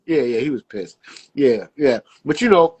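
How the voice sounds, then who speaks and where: Husky, animated male storyteller. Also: normal speed. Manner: animated storyteller, jumps high acting out quotes, casual slang. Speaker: podcast guest, barber. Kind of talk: casual podcast chat.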